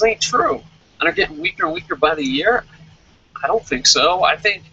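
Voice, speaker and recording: A man's voice: high-pitched, sharp tone, husky, lo-fi sound. A young man reviewing a wrestling show in a heated, profane rant. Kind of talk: angry rant in casual chat.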